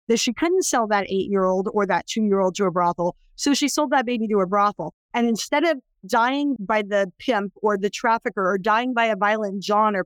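A woman's voice: medium pitch, dry recording. Impassioned middle-aged woman telling a story. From California. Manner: emphatic, intense, building to impassioned pleas. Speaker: interview guest, anti-trafficking worker. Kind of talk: emotional personal storytelling.

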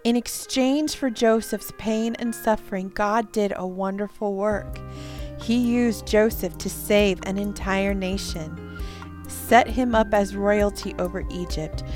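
Slow, gentle woman storyteller. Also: mid-range voice, over music. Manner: gentle, expressive, emphatic. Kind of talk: devotional Bible storytelling.

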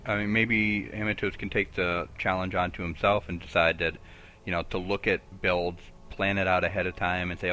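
A man co-hosting a casual podcast, relaxed and agreeable, thinking aloud as he talks. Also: low voice, moderate pace, a little hiss or hum. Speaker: podcast co-host.

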